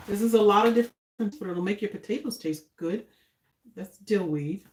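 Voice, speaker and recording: A woman's voice: mid-range voice, normal speed. An older woman hosts a casual cooking live stream, chatty and homey, sometimes talking with her mouth full. Her voice sits mid-range and rings in an echoey kitchen with a little noise behind. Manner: chatty, homey, talks while eating. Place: home kitchen.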